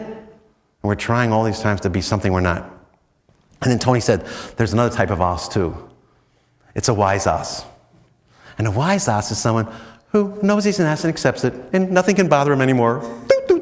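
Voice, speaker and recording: Chatty American priest in a reverberant hall. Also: male voice, medium pitch. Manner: chatty, self-mocking, many "you know"s. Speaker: priest giving a spiritual talk. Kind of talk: storytelling retreat talk.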